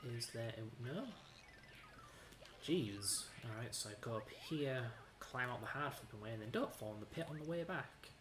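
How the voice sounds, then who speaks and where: A woman's voice: very deep voice, animated, moderate pace, reverberant, music in the background. A young woman streaming a retro game, talking bluntly and sarcastically, with plenty of swearing. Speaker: streamer playing retro games. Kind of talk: casual let's-play commentary.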